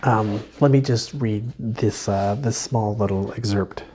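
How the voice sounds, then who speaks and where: A man talks through a book he enjoyed in a casual video review. His delivery is slow and halting, with many restarts and little laughs, and his voice is mellow and mid-pitched. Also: slight background noise.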